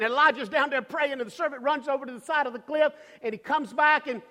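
A male preacher delivering a sermon, emphatic and repetitive, building to shouts, in a church with long reverb. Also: very high-pitched, fast, few pauses.

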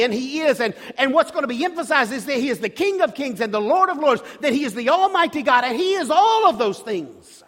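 A man preaching a sermon with emphatic rhetorical questions, sometimes dropping to a hush. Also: very high voice, long reverb tail. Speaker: pastor.

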